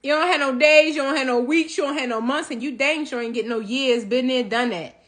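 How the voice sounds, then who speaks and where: High-voiced, animated motivational woman. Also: fairly quick. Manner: animated, preachy, laughs between points. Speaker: host of a healing talk show. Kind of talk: motivational talk.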